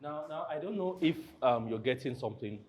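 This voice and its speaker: A man hosting a panel discussion, animated and acting out quoted lines as he talks. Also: a little high, a little fast, slight background noise.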